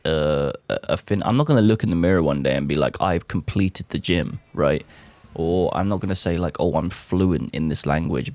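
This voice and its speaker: A young man talking casually to camera, animated, swearing freely and calling the listener bro. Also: low-pitched, dry recording. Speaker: vlogger.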